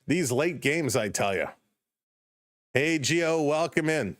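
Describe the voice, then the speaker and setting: A man's voice: a little high, slow pace, long pauses, no echo, clean studio sound. A man from Toronto with a Canadian accent, hosting a live baseball stream, calling play-by-play while chatting with viewers by name, and sounding tired from the late game. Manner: chatty, greets viewers by name, shifts between calm and excited. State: tired, up past bedtime. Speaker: livestream play-by-play host. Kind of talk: casual play-by-play commentary with chat replies.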